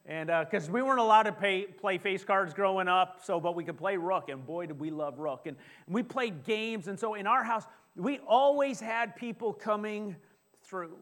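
A middle-aged male pastor preaching a sermon in a church, lively and joking, often asking the congregation questions. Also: high-pitched, normal speed. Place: church sanctuary.

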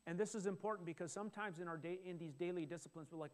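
A middle-aged man preaching a sermon, talking in a conversational way with restarts and sudden excited exclamations. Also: high-pitched, very fast. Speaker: pastor.

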